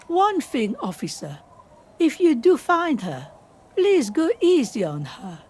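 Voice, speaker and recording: An actress voicing a weary woman from the coast who protects a friend and talks slowly and guardedly. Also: high voice, huge pitch swings, exaggerated voice. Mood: pleading. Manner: slow and guarded, pleading.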